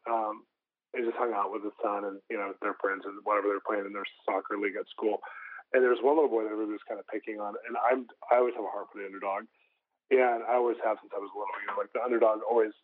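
A young man, a pastor and guest, telling a story in an interview in a lively way and acting out the people in it. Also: fairly low pitch. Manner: animated, acts out the voices of people in his stories. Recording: tinny phone-like line.

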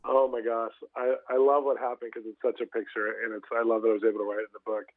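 Guest pastor, male, rapid storyteller, heard over a phone line. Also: medium pitch. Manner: animated, tumbling rush of words.

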